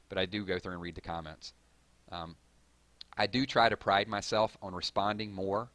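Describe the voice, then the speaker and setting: Deep-voiced man hosting a casual live stream. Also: a bit bright, no echo. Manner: rambling and conversational, with frequent fillers and self-corrections. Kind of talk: casual live stream chat reading viewer comments.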